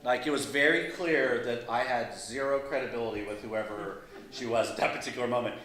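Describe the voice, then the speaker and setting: Self-deprecating pastor in an echoey hall. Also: male voice, mid-range voice, fairly quick, a bit bright. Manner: self-deprecating, chuckling asides. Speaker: pastor and guest speaker. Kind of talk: humorous storytelling talk. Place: large meeting hall.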